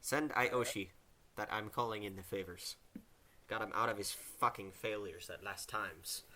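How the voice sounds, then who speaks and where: A man's voice: on the low side, a little slow, sharp tone, a little hiss or hum. A man playing in a tabletop game, giving short, laid-back replies. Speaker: player. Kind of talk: casual chat during a tabletop game.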